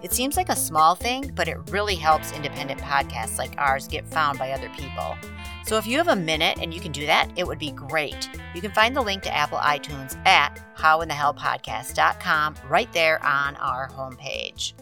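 Low-voiced woman podcast host. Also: moderate pace, over music. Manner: animated, laughing storyteller. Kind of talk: casual storytelling.

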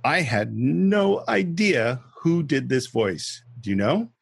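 A man's voice: medium pitch, takes it slowly, vocal fry, breathy edge, dry recording, studio quality. A man hosting a podcast, casually walking his co-host through a movie scene by scene and explaining how it was filmed. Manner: lively storyteller explaining scenes and behind-the-scenes facts. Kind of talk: casual film-discussion chat.

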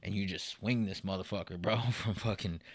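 A man's voice: low voice, steady tone, brisk, dry recording. A man in a casual interview, telling his own story in a profane, rambling way, full of "man" and "bro".

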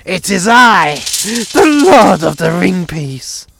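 A man's voice: sits high, big pitch swings, takes it slowly, vocal fry, music in the background, exaggerated voice. A man voicing a cruel but pathetic male villain with a wobbly, shifting accent. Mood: grandiose. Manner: wavering accent, whimpering.

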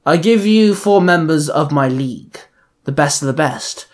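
In a fan audio story, a man plays a cold, arrogant assassin leader who speaks in a measured, condescending manner. His voice is a little high and animated, with light acting.

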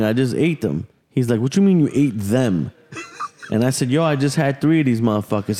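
A man in a casual podcast chat tells a story full of swearing and animated asides. His voice sits at an ordinary pitch, and the recording carries a long, ringing reverb. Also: a little fast. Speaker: podcast host.

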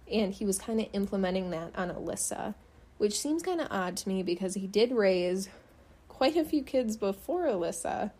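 A woman's voice: mid-range voice, dark tone. A young woman hosting a true-crime podcast, talking casually with fillers and dry sarcasm. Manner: sarcastic, chatty, frequent fillers. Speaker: podcast host.

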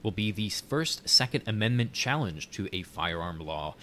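A man's voice: fairly low pitch, lively intonation, normal speed, fairly bright tone, a little hiss or hum. A man co-hosting a podcast, talking casually and reading an article aloud. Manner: conversational, reads articles aloud. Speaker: podcast co-host.

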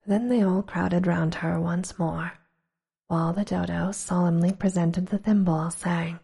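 A woman reading a storybook aloud in a hushed, slow whisper, as whispered role-play. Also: on the low side, vocal fry, breathy edge. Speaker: storybook reader.

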